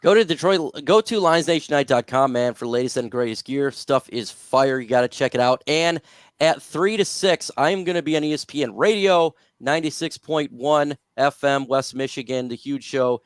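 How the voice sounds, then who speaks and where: A man's voice: mid-range voice, normal speed, clear, resonant tone, no room sound, clean studio sound. A man hosting a casual sports talk livestream, upbeat, plugging his radio spot between takes. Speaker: host.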